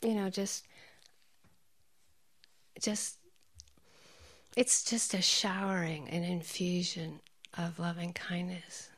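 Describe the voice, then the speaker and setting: Animated woman meditation teacher. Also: lowish voice, slow, long pauses. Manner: animated, laughs often, drops to soft whispers. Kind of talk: dharma talk with anecdotes.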